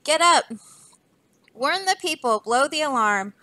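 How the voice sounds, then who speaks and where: A woman's voice: high voice, lively intonation, a little slow, bright, forceful tone, no echo, exaggerated voice. A woman voicing an earnest, anxious page boy while reading a storybook aloud. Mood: urgent. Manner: urgent, pleading.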